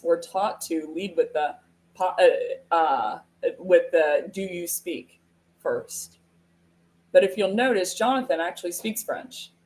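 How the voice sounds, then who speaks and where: An American woman hosting a live sales webinar, talking casually and telling stories with frequent laughs. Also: on the low side. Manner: animated storytelling with frequent laughs. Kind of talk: casual live-stream talk.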